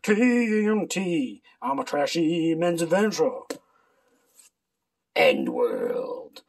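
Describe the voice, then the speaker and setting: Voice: medium pitch, lively intonation, takes it slowly, a little mellow, breathy edge. A booktuber running through a book list in a casual, sarcastic, irreverent ramble with mild swearing. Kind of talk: casual book haul video.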